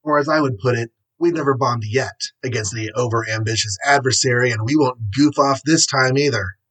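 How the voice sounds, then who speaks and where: A man reading aloud voices a young male archer hero who talks in flippant slang, in a husky voice. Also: medium pitch, a little fast, a bit bright, poor audio.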